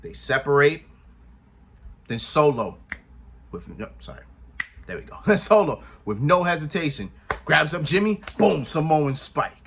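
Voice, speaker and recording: A man's voice: a little high, expressive, a little slow, creaky, pauses often, fairly bright tone, slight background noise. A man recapping a wrestling show in casual commentary, retelling events with animation, acting out what people said and laughing often.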